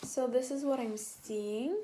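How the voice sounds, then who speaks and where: A woman's voice: on the high side, fairly even intonation, slow, mellow, slight background noise. A woman giving a casual tarot reading to her viewers, chatty and rambling, with many fillers and restarts. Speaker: tarot reader.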